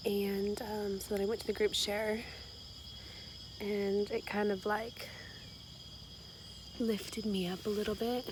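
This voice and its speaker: A young woman vlogger chats casually to her camera for a video diary, speaking softly, frequently slipping into a whisper, and filling her sentences with "like." Her medium-pitched voice is flat and slow, with long pauses. Insect noise from outdoors is clearly audible.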